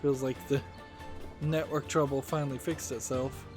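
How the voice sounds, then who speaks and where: A man's voice: mid-range voice, little pitch movement, normal speed. Man musing through a gaming session. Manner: rambling, thinking aloud with many fillers. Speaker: let's-play host. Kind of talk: casual gaming commentary. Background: game music.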